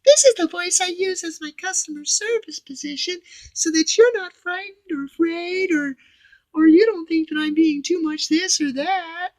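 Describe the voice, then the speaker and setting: A man voicing his ego as a soft, gentle customer-service persona in a very high, reassuring voice. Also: normal speed, no echo, low-quality recording. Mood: soothing. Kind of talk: spoken self-reflection monologue.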